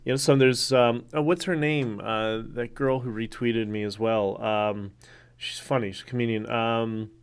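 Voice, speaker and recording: A man's voice: medium pitch, fairly even intonation, normal speed, clean tone. A man hosting a casual solo livestream, rambling through topics and viewer comments with many fillers and restarts. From Canada. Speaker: livestream host.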